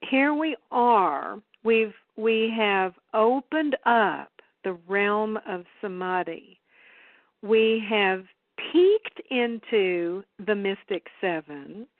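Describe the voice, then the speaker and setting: A woman hosting a call-in radio talk show, speaking in a measured way and inviting listeners to call in. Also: mid-range voice, no echo. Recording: phone line, dry.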